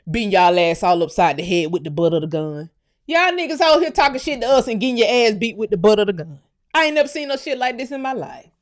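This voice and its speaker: A woman from the United States hosting her own channel, delivering a profane, heated commentary rant that swings from low muttering to shouting. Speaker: channel host. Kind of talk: ranting commentary vlog.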